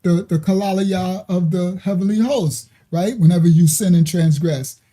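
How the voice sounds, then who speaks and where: A man's voice: high voice, normal speed, warm tone. A man hosting a ministry livestream who teaches casually, answers viewer comments, tells loose stories and laughs often. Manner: laughs often, loose storytelling, frequent "right?". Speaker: ministry host.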